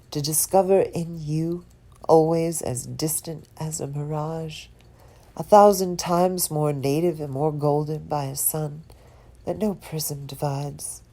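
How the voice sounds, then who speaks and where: A woman giving a slow, dramatic poetry reading, expressive and dropping some words to a whisper. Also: low voice. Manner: lingers on and repeats single words. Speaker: poetry reader.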